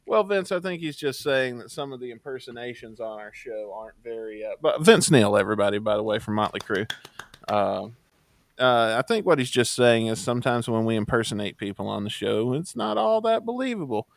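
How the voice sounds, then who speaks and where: A podcast host chats casually and jokes with an easy laugh. His voice has a middle pitch. The sound is close and dry, with no room around it. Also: lively intonation, fairly quick, creaky, dry recording. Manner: joking, laughing, easygoing. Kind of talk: casual chat.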